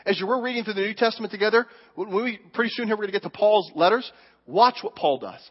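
A male pastor preaching a sermon in a church, telling stories with emphatic, animated delivery. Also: sits high, fast talker, husky. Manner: animated, emphatic storytelling with acted quotes. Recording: dull recording with long hall reverb.

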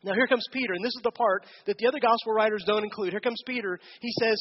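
A man's voice: sits high, fast, few pauses, dull audio. A man giving a conversational sermon as a pastor, asking the congregation questions during a church service.

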